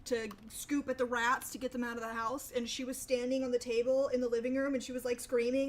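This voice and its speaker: A woman's voice: fairly high pitch, quick pace, few pauses, noisy background. A young woman chatting casually with her stream viewers, rambling and swearing freely. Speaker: livestreamer.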